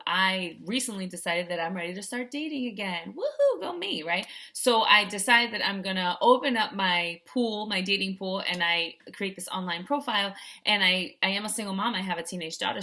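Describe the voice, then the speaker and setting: A woman's voice: mid-range voice, pushed and bright. A middle-aged woman life coach in a chatty vlog, telling a story and often checking in with "right?". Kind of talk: casual vlog talk to camera.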